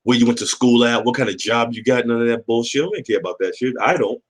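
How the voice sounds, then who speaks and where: A man's voice: mid-range voice, quick pace, slightly rough. Brief: man hosting a loose, foul-mouthed livestream, rambling and answering chat. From Boston area. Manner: rambling, profane, reads out chat comments. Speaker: livestream host.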